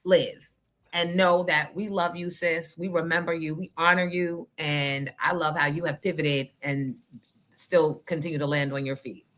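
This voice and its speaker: A woman's voice: low voice, steady tone, measured pace, fairly bright tone. A woman hosting a radio show, chatting casually, teasing and pushing her guest along, then speaking affectionately.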